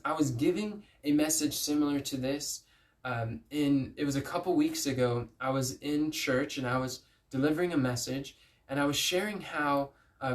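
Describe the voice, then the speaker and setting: A man giving an earnest, pleading inspirational Christian message, telling stories with emphatic repeats. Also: fairly high pitch. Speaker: Christian speaker. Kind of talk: inspirational preaching to camera.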